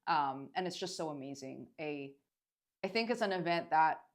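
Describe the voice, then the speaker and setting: A woman's voice: deep voice, expressive, moderate pace. A woman guest, a dance event organizer, talking earnestly in a casual interview and using many filler words.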